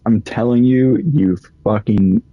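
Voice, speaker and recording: A man's voice: medium pitch, takes it slowly, no room sound, phone-quality sound. A young man casually commenting while he plays, rambling through stories and swearing often. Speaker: gaming streamer.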